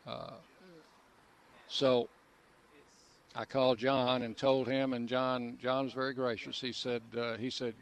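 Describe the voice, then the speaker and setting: A man's voice: medium pitch, little pitch movement, a little slow, long pauses, clean tone. Older male sportscaster reminiscing easily. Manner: easygoing storyteller, frequent uh fillers and restarts, chuckles. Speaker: longtime sports play-by-play broadcaster, guest. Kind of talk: relaxed reminiscing radio interview. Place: restaurant patio outdoors.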